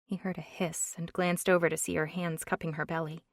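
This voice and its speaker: Woman audiobook narrator, low-ish voice, measured and even, dry close mic. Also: dry recording. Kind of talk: scripted narration.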